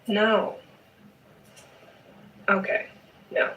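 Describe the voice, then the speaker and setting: A woman's voice: medium pitch, a little slow, reverberant, distant mic, narrow, tinny audio. A woman chatting casually in a knitting vlog, playful and emphatic, often adding a teasing "okay?". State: sleepy at night. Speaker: knitting vlogger.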